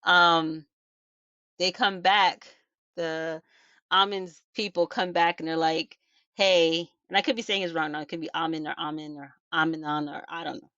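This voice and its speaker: A woman's voice: low-pitched, fairly even intonation, normal speed, bright, forceful tone, no room sound, lo-fi sound. A woman host retelling a story in a casual, chatty way, emphatic and full of rhetorical asides. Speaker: video host.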